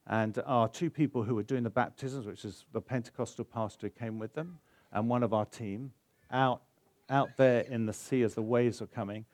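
A man's voice: medium pitch, darkish tone, no room sound. Man preaching a sermon, dry close sound. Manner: storytelling, building to emotional exhortation. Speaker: pastor.

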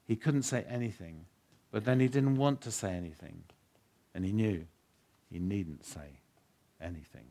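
A man with a fairly low voice gives a sermon, reading a long story passage aloud before drawing a lesson from it. His delivery is earnest and measured, in an even storytelling manner. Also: gravelly. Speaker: pastor.

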